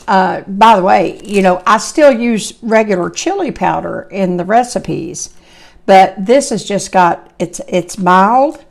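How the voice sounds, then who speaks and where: A woman, chatty and folksy, hosting a home cooking video while hoarse, her voice coming and going. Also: mid-range voice. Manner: chatty, folksy, rambling asides. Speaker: cooking channel host. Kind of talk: casual cooking demonstration.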